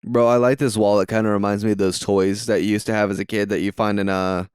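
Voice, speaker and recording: A man's voice: fairly low pitch, flat delivery, quick pace, a little mellow, smooth, no echo, studio quality. A young man with a Southern US accent, co-hosting a podcast and chatting casually and jokingly while watching a movie, rambling and swearing often. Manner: rambling, profane, jokey. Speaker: podcast co-host.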